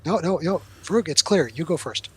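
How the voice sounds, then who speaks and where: A man's voice: on the high side, lively intonation, fairly quick, a little mellow, husky. A man voicing a nervous, cowardly male halfling adventurer in a tabletop game, jittery and pleading.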